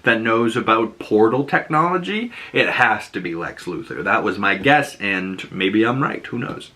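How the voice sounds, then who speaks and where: Boston-accented man, casual recap vlogger, bright voice, rambling and chatty. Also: lowish voice, lively intonation, moderate pace. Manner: rambling and chatty, full of "like" and "you know", laughing often. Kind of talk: casual episode breakdown.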